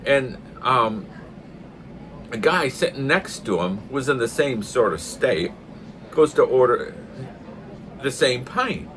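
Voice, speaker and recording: An older man telling a pub joke in a jovial, unhurried way, laughing often and slipping into mock-posh asides. His voice is bright and lively, and he takes his time. Faint background sound sits behind him. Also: medium pitch, a little hiss or hum. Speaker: channel host. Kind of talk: casual joke-telling chat.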